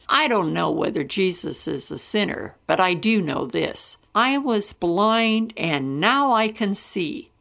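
A woman storyteller giving an expressive, dramatic first-person reading of a Bible story. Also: lowish voice, gravelly.

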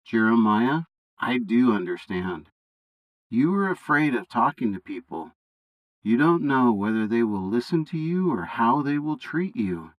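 A man voicing God as a calm, fatherly deity in a bible story reading, speaking steadily and with authority. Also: medium pitch, measured pace, no echo, poor audio. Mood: reassuring.

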